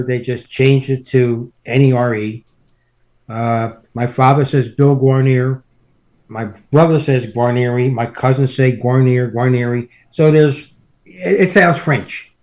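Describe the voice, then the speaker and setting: A man in his seventies, a podcast guest, tells rambling family stories in casual chat, chuckling his way through them. He speaks at a moderate pace with a medium-pitched, darkish voice.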